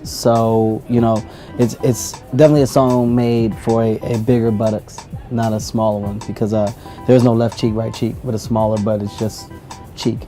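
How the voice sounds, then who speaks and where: A man talks in a low, dry, deadpan register, treating a silly topic with grave seriousness. His tone is mellow and barely moves. Faint music sits under him. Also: normal speed. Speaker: talk show guest. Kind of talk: deadpan mock-serious chat.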